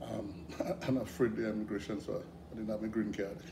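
A middle-aged man from Grenada with a Grenadian accent, guesting in a casual interview, telling stories in an animated way with frequent laughs. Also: fairly low pitch, fairly quick, vocal fry. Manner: animated, hesitant with fillers, laughs often. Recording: echoey room with background noise.

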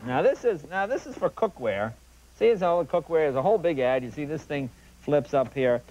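A man's voice: a little high, a little fast, dull audio. Wisecracking talk show host, man. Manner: wisecracking, animated punchlines with asides to the audience. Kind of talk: comedic monologue reading joke headlines. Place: TV studio stage. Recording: TV studio with audience laughter and noise. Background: studio audience laughter.

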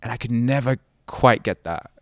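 A man's voice: mid-range voice, normal speed, dry recording, studio quality. A British man hosting an interview, asking thoughtful questions full of "like" and "kind of". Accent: British English. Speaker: interview host. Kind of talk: conversational interview.

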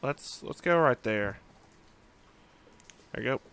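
Slow, smooth-voiced man musing aloud. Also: medium pitch, animated, a bit bright. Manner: musing, thinking aloud with frequent fillers. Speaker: let's play host. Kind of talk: casual gameplay commentary.

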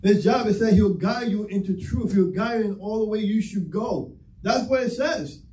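A pastor with a high voice preaches to his congregation, moving between plain talk and acted-out back-and-forth. He sounds set back from the mic in an echoey church hall, with faint ambience behind him. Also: normal speed, mellow, far from the mic. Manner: impassioned, conversational preaching with acted-out dialogue. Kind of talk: sermon. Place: church sanctuary.

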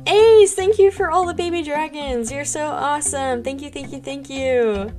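Speaking over music at a normal speed in a voice that sits high, a young woman chats casually during a gaming live stream, bubbly and gushing her thanks to chat.

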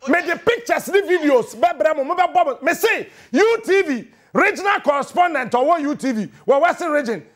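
A Ghanaian man in midlife rants on air as a morning radio host, his voice pitched very high. He mocks and repeats himself for emphasis, often breaking into shouts. His voice leaps up and down constantly through the tirade in a studio. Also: animated, a little fast, hardly any pauses. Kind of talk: fiery on-air rant.

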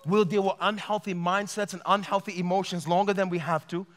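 A man's voice: high voice, fairly even intonation, a little fast. A man preaching a sermon as pastor, impassioned and acting out heartfelt prayers in a large church. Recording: long church hall reverb.

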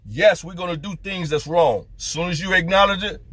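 A man's voice: high voice, moderate pace, fairly bright tone, breathy edge, no room sound. A man preaching as a street preacher, fervent and firing off rhetorical questions. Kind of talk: preaching to camera.

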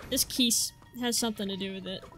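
A young woman commentating her own game playthrough, excitable and swearing freely, reading the on-screen text aloud. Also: medium pitch, fast talker. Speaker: gaming channel host. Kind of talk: let's-play commentary. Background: faint game music.

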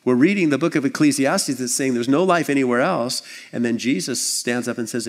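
Guy pastor preaching, mid-pitched voice, chatty and lively, acts stuff out. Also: fairly quick, hardly any pauses. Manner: animated, acts out voices and scenes; conversational, with restarts and asides. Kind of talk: sermon.

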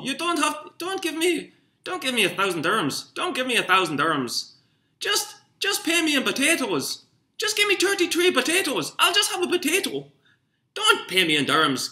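A man putting on a high, strained voice to mock an Irish coworker. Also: big pitch swings, moderate pace, sharp tone, roomy sound, heavily acted. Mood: pleading.

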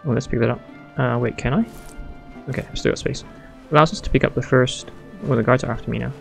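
Excitable gravelly man narrating a game. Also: mid-range voice, fast, soft background music. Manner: excitable, thinking aloud. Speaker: gamer playing a strategy game. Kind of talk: casual let's-play commentary.

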